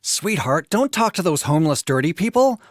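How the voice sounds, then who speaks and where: A smug, wealthy father talks in a breezy, offhand way, voiced by a man. His pitch swings a lot and the recording is dry and close. It is an animated storytime voice. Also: moderate pace, no room sound. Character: rich, dismissive father.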